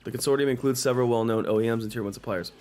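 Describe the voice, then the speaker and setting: A man hosting a live stock market stream, talking excitedly and in exasperation, repeating himself and swearing into a desk microphone. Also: mid-range voice, very fast. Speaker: stock market livestream host.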